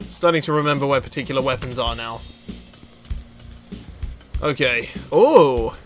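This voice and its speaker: A young man commentating his gameplay, excitable and swearing, breaking into sudden high yelps and laughter. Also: measured pace, faint music behind. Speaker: let's play gamer.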